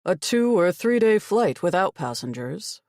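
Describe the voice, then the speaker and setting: A woman's voice: on the low side, big pitch swings, unhurried, darkish tone, no echo, pitched above the performer's own voice. Curt, icy winged fae man voiced by a woman narrator, dry close audiobook sound. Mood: cold. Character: cold arrogant male winged fae warrior. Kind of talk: audiobook character voice.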